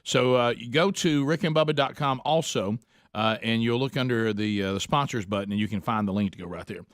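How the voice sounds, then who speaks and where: A man's voice: medium pitch, brisk, a bit bright, dry recording. A man hosts a call-in radio show from the studio, easygoing and playful as he moves from sponsor plugs to callers. His voice sits in a middle range. The mic is close and dry, with no room sound. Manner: playful, sings a silly jingle between ads and calls. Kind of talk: casual radio talk, taking calls.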